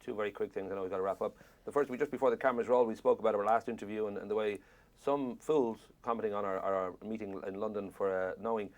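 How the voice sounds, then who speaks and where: Fast rambling Irish interviewer man. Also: fairly low pitch, steady tone. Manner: rambling, joking questions. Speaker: film interviewer.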